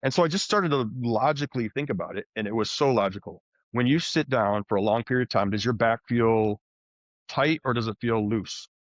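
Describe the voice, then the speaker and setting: Animated male podcast guest, muffled audio. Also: medium pitch, fairly quick, dry recording. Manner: animated, frequent restarts and fillers. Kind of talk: conversational storytelling.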